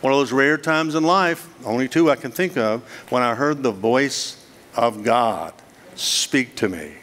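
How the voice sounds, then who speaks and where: A man's voice: mid-range voice, lively intonation, unhurried, a bit bright. A middle-aged man giving a guest sermon, telling his story earnestly and dramatically, with many rhetorical questions. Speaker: guest speaker. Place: church hall. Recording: long reverb of a hall.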